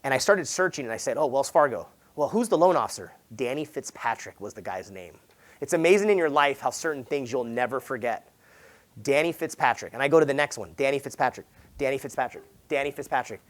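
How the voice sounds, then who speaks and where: Here a man from Southern California, a real estate agent, speaks a little fast in an energetic, story-driven motivational keynote at a sales summit. His delivery is casual with plenty of "like" and "right?", and he acts out dialogue with big, sudden shifts in pitch and volume.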